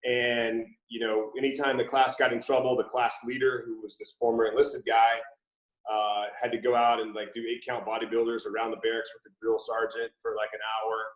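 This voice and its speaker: A middle-aged man from Mississippi with a faint Southern accent, a former Navy SEAL telling stories in a relaxed way with many fillers during an interview. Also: medium pitch, brisk, echoey room, low-quality recording. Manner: relaxed storytelling with frequent fillers. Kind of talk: casual interview conversation.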